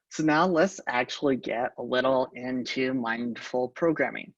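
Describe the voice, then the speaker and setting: Here a conference speaker talks in a calm, hesitant way, his gravelly voice at medium pitch and broken up by frequent ums. Audio quality is lo-fi: distant, dull, dry, and free of room sound.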